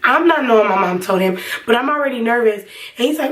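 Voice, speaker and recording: A woman's voice: on the high side, lively intonation, fast, a bit bright, far from the mic, poor audio. A young woman vlogger telling a personal story in a casual, rambling way with lots of fillers. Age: young adult. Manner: chatty, rambling, many fillers.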